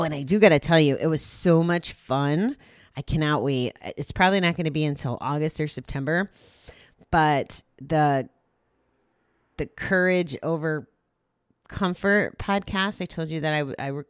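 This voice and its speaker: A woman's voice: low-pitched, clear, resonant tone, dry recording, clean studio sound. A tired, chatty woman hosting a live podcast, rambling through apologetic asides to her listeners. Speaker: podcast host. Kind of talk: casual live chat to listeners.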